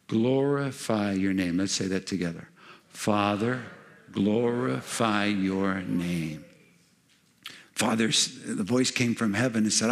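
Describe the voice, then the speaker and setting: A man's voice: mid-range voice, creaky, fairly bright tone. A middle-aged man preaching a conversational sermon that builds into fervent, rising delivery. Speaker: pastor.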